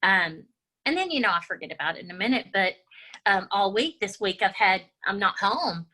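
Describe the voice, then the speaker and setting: A woman's voice: medium pitch, animated, moderate pace, pushed and bright, poor audio. A woman guest in a casual conversation, talking in an upbeat, encouraging way and telling stories with animation.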